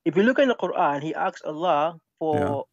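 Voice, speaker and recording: A man from England with an English accent, in an online religious debate, defensive and asking to explain while reading verses slowly. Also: fairly high pitch, animated, no room sound, highs cut off. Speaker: debate caller.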